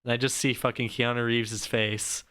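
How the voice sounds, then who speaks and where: A man's voice: mid-range voice, level tone, moderate pace, sharp tone, clean tone. A young man co-hosting a podcast, chatting in a laid-back way, laughing often and saying "like" a lot. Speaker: podcast co-host. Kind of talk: casual chat.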